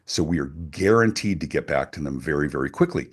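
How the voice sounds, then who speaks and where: Middle-aged male guest, low voice with big swings, punchy salesman delivery. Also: lively intonation, quick pace. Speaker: guest speaker and author. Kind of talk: animated interview talk.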